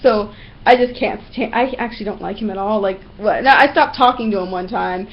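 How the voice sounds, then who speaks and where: A young woman vlogging at home, ranting bluntly and profanely about everyday pet peeves in a casual, animated storytelling manner. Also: mid-range voice, brisk, lo-fi sound. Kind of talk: casual ranting monologue to camera.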